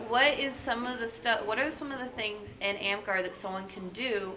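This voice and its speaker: A woman's voice: a little high, steady tone, normal speed, rough recording. A woman in a casual group discussion, talking earnestly and often restarting her sentences. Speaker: discussion participant. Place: outdoor event with crowd nearby. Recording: crowd chatter behind.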